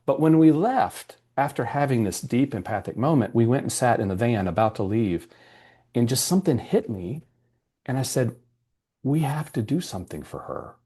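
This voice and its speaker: A man in a podcast interview tells a story with feeling, voice at an ordinary middle pitch. He sounds earnest and animated, and he slips into the voices of the people he describes. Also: normal speed, breathy edge. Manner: animated, acts out quoted dialogue; emotional, earnest recounting. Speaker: podcast guest, EQ coach.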